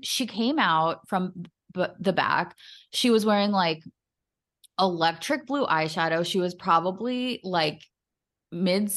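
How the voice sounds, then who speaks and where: A young adult woman co-hosting a podcast, telling a lively story and acting out what people said. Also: medium pitch. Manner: animated storyteller, quick, acts out quotes with laughs. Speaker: podcast co-host. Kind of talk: casual chat.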